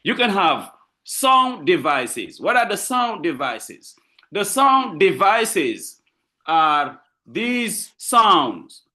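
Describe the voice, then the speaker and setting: A male literature lecturer gives a university lecture in a slow, lively-pitched voice. He teaches slowly and repetitively, checking in often with "okay?"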